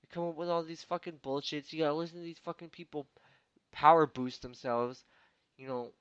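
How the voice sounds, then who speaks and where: A fairly high-voiced man rants into a close mic, exasperated and swearing without pause. His delivery lurches between shouted outbursts and low grumbling. The recording is dry and slightly dull, like a lo-fi home podcast setup. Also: fairly even intonation, clear, resonant tone, no room sound. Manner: exasperated, swears constantly, swings from loud outbursts to muttering. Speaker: podcast host. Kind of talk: profane comedic rant.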